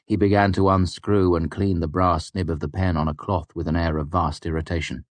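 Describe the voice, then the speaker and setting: A man narrating an audiobook chapter in a measured, even storytelling manner. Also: deep voice, no room sound.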